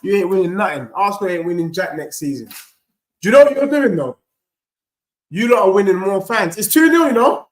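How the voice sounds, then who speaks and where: Excitable high-voiced football fan. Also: male voice, a little fast, roomy sound. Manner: animated banter, shouting at goals, teasing chat. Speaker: watchalong host. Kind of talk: live football watchalong reacting to chat.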